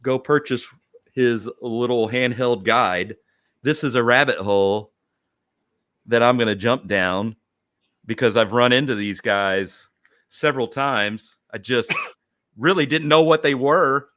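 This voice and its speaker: A man's voice: medium pitch, measured pace, a bit bright. A man chatting as a guest on a livestream video call, rambling enthusiastically and poking fun at himself. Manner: rambling, enthusiastic, self-deprecating. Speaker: guest toy collector. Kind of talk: casual livestream chat.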